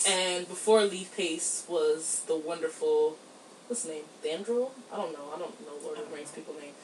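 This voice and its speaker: A woman co-hosting a podcast in casual chat, giggly and animated, swearing freely. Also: deep voice, moderate pace, distant mic, slight background noise. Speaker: podcast co-host. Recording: roomy, from off the mic, faint ambience.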